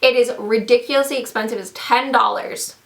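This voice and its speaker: A woman's voice: a little high, fairly even intonation, a little fast, gravelly. A young woman with a slight lisp, gushing about her favorite fall finds in a casual vlog, with lots of "like" and "so cute.". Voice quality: slight lisp from dental trays. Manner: bubbly, gushing, says "like" often. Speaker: beauty and lifestyle vlogger. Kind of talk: casual product haul vlog.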